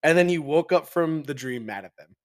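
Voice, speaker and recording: A man with a slightly high voice rambles through a story on a casual podcast, laughing as he goes and quoting what everyone said. The sound is close and dry. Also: animated, a little fast, no room sound. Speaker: podcast co-host.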